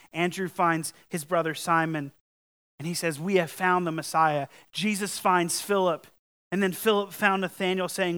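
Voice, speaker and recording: A man's voice: fairly high pitch, a bit bright, clear, resonant tone. A man preaching a sermon to his congregation in an earnest, conversational way, building to emphatic peaks. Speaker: pastor.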